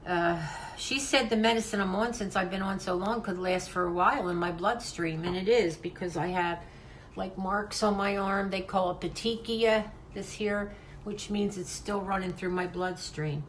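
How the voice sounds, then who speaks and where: A woman's voice: mid-range voice, moderate pace, slight background noise, rough recording. An older woman hosting a craft channel, talking in a heartfelt, rambling way to her viewers and often restarting her sentences. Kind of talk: casual vlog talk to viewers.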